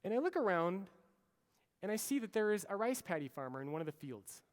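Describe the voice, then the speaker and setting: A man's voice: sits high, brisk. A man in his thirties giving a storytelling keynote speech, acting out the lines he quotes. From United States. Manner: animated storyteller, acts out quoted orders. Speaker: keynote speaker. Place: large conference hall. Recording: long hall reverb.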